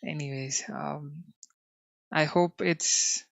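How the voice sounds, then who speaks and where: A man's voice: on the high side, steady tone, slow pace, a bit bright, no room sound. A man with an Indian English accent teaching a live coding lesson. He fills his talk with "you know" and keeps checking in with his viewers. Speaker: coding instructor.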